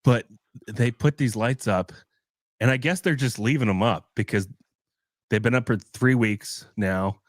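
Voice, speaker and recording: A man's voice: medium pitch, unhurried, no room sound, studio quality. A man co-hosting a podcast in casual chat, a laid-back storyteller who acts out the people in his stories. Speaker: podcast co-host.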